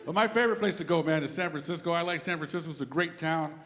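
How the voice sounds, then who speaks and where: A middle-aged stand-up comedian with a fairly high voice performs live on a comedy club stage. He tells quick, animated stories, slipping into acted character voices, in a reverberant room with steady background noise.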